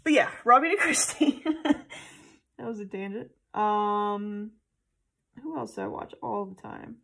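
A woman's voice: mid-range voice, measured pace, gravelly, fairly bright tone. A woman vlogger in casual chat, gushing and rambling with many fillers and tangents. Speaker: planner vlogger.

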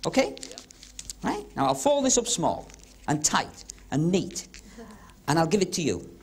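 A man doing comic magic patter on a club stage, teasing audience volunteers with quick cheeky asides. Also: a little high, big pitch swings. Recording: 1970s TV broadcast with crowd laughter and hiss. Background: audience laughing and murmuring.

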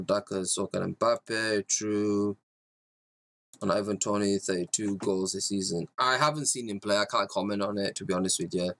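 A man's voice: on the low side, fairly bright tone. A man hosting a fan livestream, ranting bluntly and profanely while reading viewer comments. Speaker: fan channel host.

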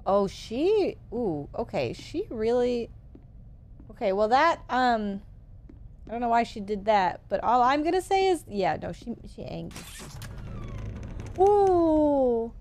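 A woman's voice: a little high, big pitch swings, a little slow, a little mellow. A young woman streamer casually commenting while playing a game, gushing and easily startled. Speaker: gaming streamer. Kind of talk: casual let's-play commentary.

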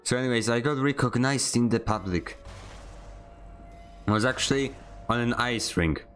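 A man's voice: medium pitch, normal speed, a bit bright, faint music behind. A man streaming a video game, chatting casually in a rambling, joking way, often stammering and restarting his sentences. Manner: joking, self-mocking. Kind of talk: casual chat while gaming.

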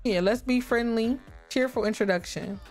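A woman giving lively, chatty commentary on a life-sim game, talking to her viewers. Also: on the high side, normal speed, faint music behind. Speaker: gaming YouTuber. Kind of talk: casual gameplay commentary.

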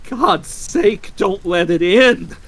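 Shaky scared old man, hoarse and strained, as a narrator puts him on. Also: high-pitched, slow pace, fairly bright tone, voice pushed up, full character voice. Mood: terrified. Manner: shaking, hoarse whispering. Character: terrified old husband, elderly man.

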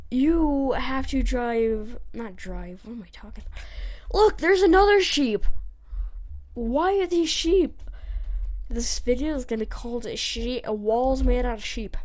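Slow, rambling woman commenting on her game. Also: fairly high pitch, a little mellow, no echo. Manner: rambling, self-correcting, chatty. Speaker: gaming channel host. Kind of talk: casual let's-play commentary.

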